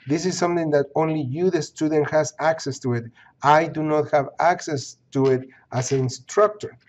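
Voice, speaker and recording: A man with a mid-range, slightly mellow voice, heard through dull audio, teaches an online course in a screen recording. He walks students through its pages step by step, repeating points and checking in with "okay?"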